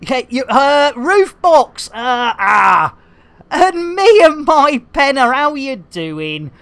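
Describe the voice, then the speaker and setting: A woman's voice: sits high, big pitch swings, takes it slowly, fairly bright tone. A woman streaming a game, bantering with her chat in a jokey, bubbly way, full of silly rhyming catchphrases and cheeky innuendo.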